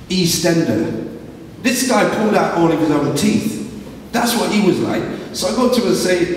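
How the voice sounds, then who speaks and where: The voice is a middle-aged man's, pitched fairly high, with a little hiss or hum on a far-off, echoey recording from a large event hall. He's a guest speaker doing animated, comic storytelling for a live audience and acting out the voices of the people in his tales.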